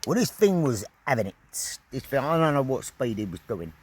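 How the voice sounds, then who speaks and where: Slangy, animated man telling a tale. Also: medium pitch, fairly quick, slight background noise. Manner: animated, slangy and swearing, with sound effects. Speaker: outdoor vlogger. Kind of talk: casual storytelling to camera. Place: outdoors at an evening camp.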